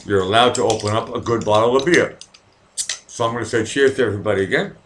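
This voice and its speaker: A man's voice: on the low side, fast talker, slight background noise. A middle-aged American man hosting a casual livestream, chatting with viewers in a profane, rambling way while drinking. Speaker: livestream host. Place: at home in Vienna.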